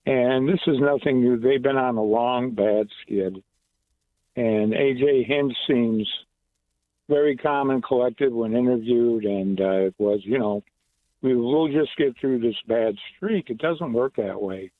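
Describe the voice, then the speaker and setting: A man's voice: medium pitch, a little slow, no echo. Blunt male caller on a tinny line. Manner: blunt and certain.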